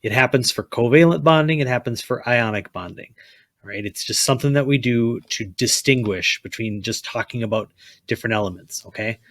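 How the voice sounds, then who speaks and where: A man's voice: medium pitch, fairly quick, no room sound. Blunt man teaching chemistry. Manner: blunt, repeats okay, prods students to write. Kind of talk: classroom lecture.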